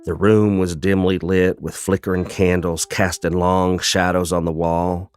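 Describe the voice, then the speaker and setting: A man narrating a fantasy story in a calm, measured, descriptive way. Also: deep voice, soft background music.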